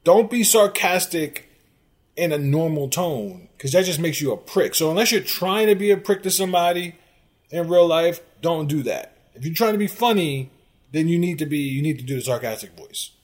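A man hosting a sports commentary show, ranting in an exasperated, sarcastic way at fan comments and rising to loud outbursts. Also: fairly high pitch, expressive, moderate pace. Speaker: sports podcast host.

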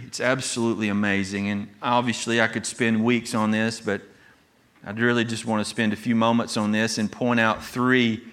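A man's voice: fairly low pitch, fairly bright tone. A pastor preaching an earnest, emphatic sermon, restarting phrases as he goes.

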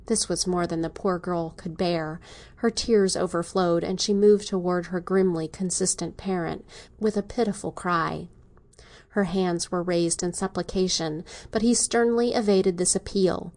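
A woman narrating an audiobook in an even, measured reading voice. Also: fairly low pitch. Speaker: volunteer audiobook reader.

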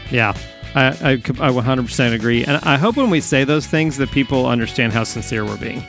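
A man co-hosting a podcast in easygoing chat, friendly and encouraging. His voice sits at a medium pitch, with faint music underneath. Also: fairly quick, a bit bright. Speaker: podcast co-host. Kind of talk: casual chat.

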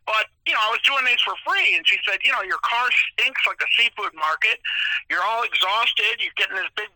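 High, bright-voiced chatty man telling stories. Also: fairly quick, no room sound, low-quality recording. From moved to New Orleans area in 2000. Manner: animated storyteller, chatty and enthusiastic. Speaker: guest, seafood business owner. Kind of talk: casual podcast storytelling.

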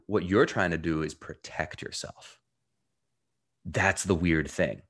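A man speaking as a coach guest in a podcast interview, talking in an animated, emphatic way. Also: low-pitched, takes it slowly, long pauses, husky. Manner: animated, emphatic, acts out clients' voices.

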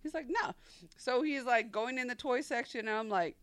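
Woman co-host, lively story-teller, higher voice, dry close sound. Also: moderate pace, no room sound. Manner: animated storyteller, acts out quotes, laughs often. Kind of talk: casual chat.

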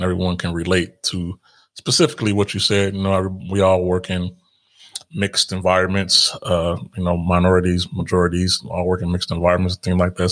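A man hosting an interview who asks long, rambling questions, repeating himself and using many fillers. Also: deep voice. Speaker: host.

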